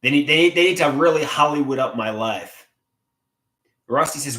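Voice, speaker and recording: A man chatting casually on a livestream, reading out viewer comments and rambling with theatrical swings in pitch and volume. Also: moderate pace, pauses often, a bit bright, echoey room.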